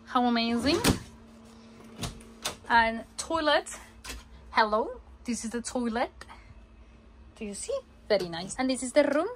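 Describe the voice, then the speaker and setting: Woman vlogging a road trip, kinda high voice, talks straight to the camera, little bit of background hiss. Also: animated, unhurried, pauses often. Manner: chatty and emotional, talks straight to viewers. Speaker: travel vlogger. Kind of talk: casual vlog to camera. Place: inside a campervan and around a campsite.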